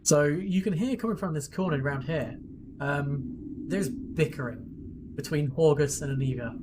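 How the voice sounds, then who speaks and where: A man's voice: a little high, normal speed, noisy background. A man running a tabletop game as game master, casually reading out rules and describing scenes.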